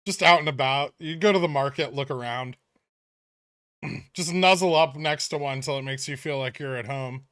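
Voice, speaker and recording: A man's voice: on the high side, moderate pace, pushed and bright, no echo. A man hosting a casual trading livestream, rambling through dry sarcastic jokes with plenty of fillers. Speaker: streamer host of a stock trading livestream.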